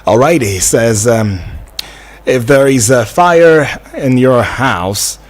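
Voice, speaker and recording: A man's voice: mid-range voice, expressive, takes it slowly. A man hosting a radio phone-in, talking unhurriedly with many fillers and reading out listener messages. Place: radio studio.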